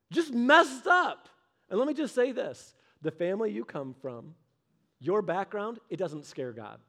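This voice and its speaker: A male preacher with a high voice delivers a sermon, and his delivery is casual and humorous. He retells the story by slipping into quick voices for each character. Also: darkish tone. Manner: humorous and conversational. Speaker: pastor.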